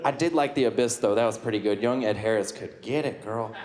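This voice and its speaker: A man's voice: fairly low pitch, brisk, pitched below the performer's own voice, close to an everyday voice. A man playing a flamboyant southern superhero of the sea, speaking with a sassy Southern US drawl and folksy catchphrases in a stand-up roast. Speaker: roast comedian in character. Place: comedy club stage. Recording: echoey club with audience laughter. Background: crowd laughing.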